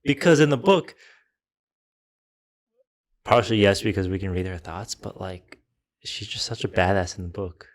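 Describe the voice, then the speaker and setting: A man's voice: deep voice, expressive, moderate pace, long pauses. A man co-hosting a podcast, chatting casually about a film and thinking aloud in long, restarting sentences. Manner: talks in long, restarting trains of thought. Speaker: podcast co-host. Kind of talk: casual film review chat.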